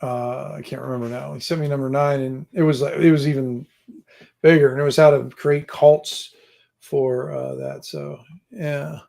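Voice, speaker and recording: Speaking in a gravelly, mid-range voice with a darkish tone, this man keeps his intonation fairly even and his pace moderate. He hosts a casual live stream on crafting a tabletop adventure, musing aloud in a meandering way and joking with viewers. Behind him is a home room filled with gear and books.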